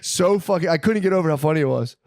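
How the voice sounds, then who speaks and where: A man's voice: a little high, fast talker, a little mellow, dry recording, clean studio sound. A man co-hosting a podcast, rambling through a profane story and acting out the lines of the people in it. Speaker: podcast co-host. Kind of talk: casual storytelling chat.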